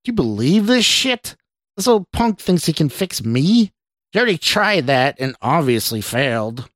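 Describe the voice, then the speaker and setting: A man's voice: on the low side, very animated, measured pace, fairly bright tone, no room sound, clean studio sound, exaggerated voice. A man voicing a sneering, crude male serial killer heard as a ghostly inner voice, barking and mocking. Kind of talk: audio drama reading.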